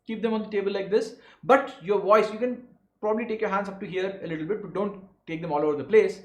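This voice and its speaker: Man, Indian English accent, exam coach, emphatic, high-pitched, echoey room. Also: fast. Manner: animated, stresses words, voice rising and falling. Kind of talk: instructional talk to students.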